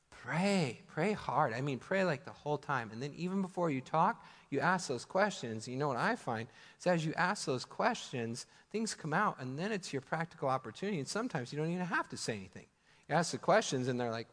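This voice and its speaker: A Midwestern American man in his thirties delivers a sermon with a slightly raised pitch and an easy, chatty manner. He breaks into laughs and acts out quoted prayers. The sanctuary's long reverb trails behind his words. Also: animated, fairly quick, fairly bright tone. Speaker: pastor. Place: church sanctuary. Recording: church hall with long reverb.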